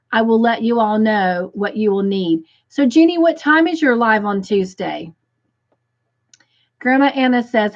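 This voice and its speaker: A woman hosting a crochet live stream, reading viewer comments aloud and gushing with excitement. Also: on the high side, dull audio.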